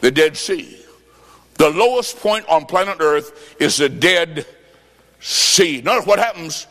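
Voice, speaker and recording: A man preaching a revival sermon, fervent and storytelling, sometimes shouting. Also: a little high, animated, slow, big-room sound. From Illinois, United States. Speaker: evangelist preacher.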